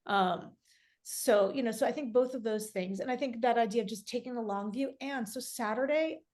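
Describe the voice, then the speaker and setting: On a podcast, a middle-aged woman speaks candidly as a guest in a conversational interview, her voice fairly high, a little mellow, and at a normal pace. She's reflective, often restarting her sentences and leaning on fillers.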